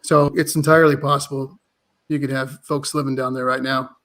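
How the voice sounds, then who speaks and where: A man's voice: medium pitch, little pitch movement, fairly quick, fairly bright tone. A man talking as a guest in a casual chat, matter-of-fact.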